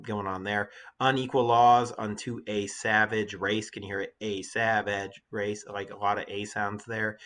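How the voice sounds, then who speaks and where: Bright-voiced male teacher explaining poetry. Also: fairly low pitch. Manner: talkative, thinks aloud with fillers and restarts. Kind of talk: classroom lecture with poem reading.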